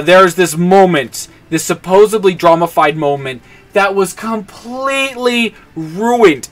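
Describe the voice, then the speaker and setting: A man's voice: a little high, a bit bright. A man streaming a video game, ranting about the story and swapping mild words in for swearing. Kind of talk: casual gameplay commentary.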